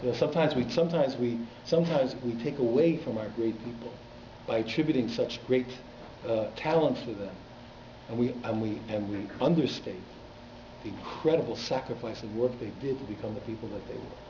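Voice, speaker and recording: A man's voice: mid-range voice, brisk. Man telling a story at a lecture. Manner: animated, repeats words for emphasis. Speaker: rabbi teaching a class. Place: community synagogue hall. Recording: echoey, dull hall recording with faint noise.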